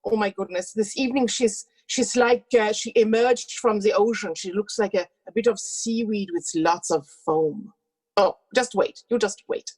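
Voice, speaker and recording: A woman's voice: medium pitch, moderate pace, darkish tone, slightly rough. Playful, teasing woman emcee. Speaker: host. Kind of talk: cabaret emcee introduction.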